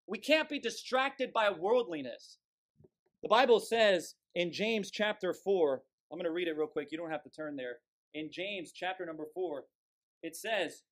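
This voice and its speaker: A man's voice: high-pitched, animated, normal speed. Fiery, scornful male preacher. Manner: forceful, scornful, emphatic preaching. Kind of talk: fiery sermon.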